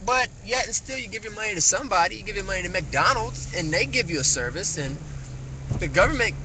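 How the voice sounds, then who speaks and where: A man ranting casually on a phone livestream, rambling with many fillers and animated rises. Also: high voice, rough recording. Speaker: vlogger. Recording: phone mic with faint car noise.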